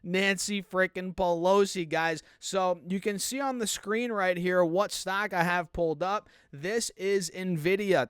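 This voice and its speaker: Male finance YouTuber, high and crisp voice, hyped and chatty, dry close recording. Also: fairly bright tone, dry recording. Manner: hyped, chatty, keeps addressing viewers as "guys"; laughs while talking. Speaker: stock market YouTuber. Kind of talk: casual finance commentary to camera.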